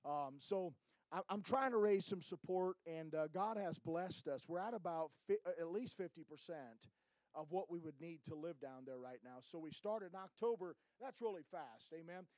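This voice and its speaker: A man's voice: a little high, moderate pace, a little mellow, no room sound, poor audio. A middle-aged man, a missionary church planter, giving a folksy, informal report to a church and often tagging his lines with "amen?".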